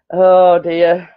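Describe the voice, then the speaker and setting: Middle-aged woman, home live-stream host, rambling and giggly, slow delivery, muffled lo-fi audio. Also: lowish voice, clear, resonant tone. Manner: rambling and chatty, many fillers and giggles. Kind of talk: casual live-stream chat. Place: living room at home. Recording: dull lo-fi home recording.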